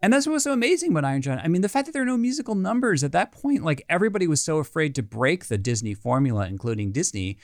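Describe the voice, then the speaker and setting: Middle-aged man, animator guest, lively swooping delivery, dry close sound. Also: on the high side, racing, hardly any pauses, dry recording. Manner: animated, excitable, frequent restarts and fillers. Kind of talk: casual interview storytelling.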